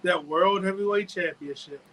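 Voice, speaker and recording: A man co-hosting a wrestling podcast in casual chat, telling animated stories and acting out his own reactions. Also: sits high, moderate pace, poor audio. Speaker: podcast co-host.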